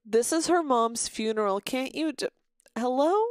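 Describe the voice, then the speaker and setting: A woman's voice: sits high, lively intonation, a little slow, smooth, dry recording, studio quality. A woman live-streaming a game, chatting casually in a rambling way, swearing freely and breaking off to greet viewers. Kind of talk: casual live-stream chat while gaming.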